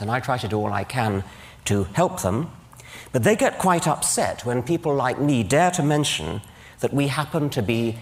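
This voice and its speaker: Man, older, English accent, precise dry irony, stage lecture, large auditorium. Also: mid-range voice. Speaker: conference speaker. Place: large auditorium with live audience.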